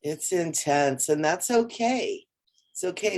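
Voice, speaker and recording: Low-voiced woman co-hosting a spiritual livestream. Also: unhurried. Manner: relaxed, rambling and playful, with soft laughs. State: tired. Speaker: co-host. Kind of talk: casual spiritual chat on a livestream.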